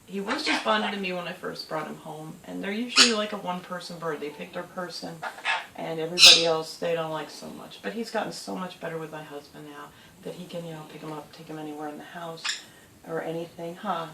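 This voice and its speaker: A woman's voice: on the low side, fairly even intonation, a little fast, vocal fry. A middle-aged woman chatting casually at home, cooing in baby talk to her pet birds, recorded on a distant camera mic. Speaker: pet owner vlogger. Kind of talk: casual home video chat. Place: home with parrots in the room. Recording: roomy, distant, noisy home audio.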